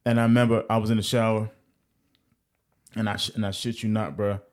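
A man's voice: on the low side, little pitch movement, brisk, a little mellow. A young man from New York on a casual podcast chat, telling stories loosely with lots of swearing and laughter. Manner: laid-back storytelling with lots of profanity and laughter. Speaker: podcast co-host.

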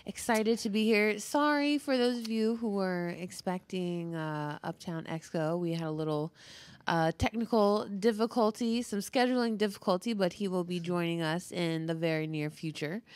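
A woman's voice: fairly low pitch, fairly even intonation, moderate pace, smooth, no room sound. A woman hosting a casual podcast chat, playful and giggly as she talks with her guests. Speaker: podcast host. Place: studio headquarters.

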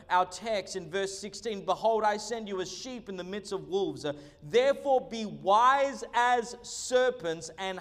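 A man preaches in an animated, joking way, stumbling over fillers as he builds his points. His voice sits high for a man. The sound rings with the long echo of a church hall. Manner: animated preaching with humorous asides and many fillers. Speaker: pastor. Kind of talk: sermon.

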